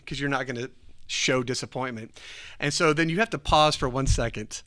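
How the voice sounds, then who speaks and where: A man telling a story in a casual chat, animated, laughing often and acting out what people said. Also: medium pitch, a little fast. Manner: animated, acts out quoted voices, laughs often. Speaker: church podcast host.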